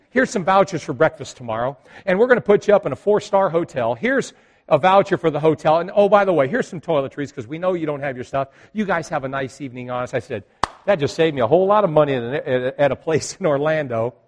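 A middle-aged man preaching with a lively, animated voice that climbs and falls as he tells a story. He acts out the other people in it, and his voice sits a little high for a man. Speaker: pastor. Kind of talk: sermon with personal story.

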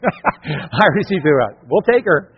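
A man's voice: high-pitched, big pitch swings, slow pace, slight background noise. A pastor, a man, preaching a sermon and telling a folksy, jokey personal story. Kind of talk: sermon with a humorous personal anecdote. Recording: dull recording with long hall echo.

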